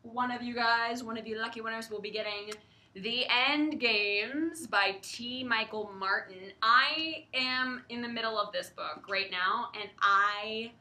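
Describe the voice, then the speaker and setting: A woman's voice: a little high, a little slow, bright, forceful tone. A young woman co-hosting a casual livestream chat, giggly and full of likes and ums. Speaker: publisher livestream co-host. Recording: echoey room.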